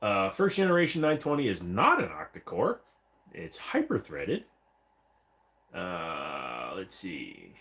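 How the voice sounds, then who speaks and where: A livestream host chats casually, bluntly and profanely, rambling while reading viewer comments aloud and mock-voicing the chat messages. His voice is low and a bit bright, slow, with huge swings in pitch.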